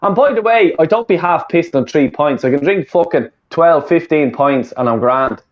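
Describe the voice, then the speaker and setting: A man's voice: on the high side, lively intonation, moderate pace. A man from Dublin with an Irish accent, ranting casually and swearing a lot as a football fan co-host. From Ireland, Dublin. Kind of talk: casual chat. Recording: muffled lo-fi audio.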